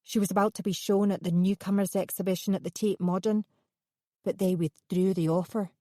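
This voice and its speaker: A woman's voice: mid-range voice, steady tone, a little fast, dark tone, no room sound, studio quality, close to an everyday voice. A woman voicing a bitter, menacing male artist in an audiobook, congenial on the surface and snarling underneath.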